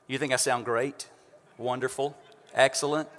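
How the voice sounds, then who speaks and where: A pastor preaching a sermon from a church stage into a microphone, conversational and joking with the congregation. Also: male voice, mid-range voice, fairly even intonation, moderate pace, fairly bright tone. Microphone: stage microphone through house speakers. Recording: long church reverb.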